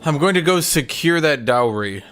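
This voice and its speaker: A man's voice: a little high, lively intonation, normal speed, a bit bright, a little hiss or hum. A man in his thirties giving casual game commentary to his chat. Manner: chatty, coos baby talk at a cat. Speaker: streamer.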